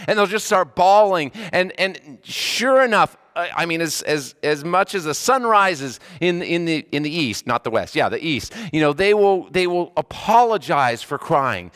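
A man's voice: fairly high pitch, expressive, moderate pace, hardly any pauses, a bit bright, smooth. A middle-aged man, a hospice chaplain and pastor, preaching a sermon in an earnest way, often repeating words and restarting phrases.

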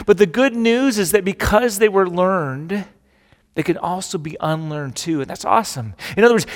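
A middle-aged man preaching a sermon, animated and emphatic, acting out the quotes he tells. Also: high-pitched, long reverb tail. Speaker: pastor.

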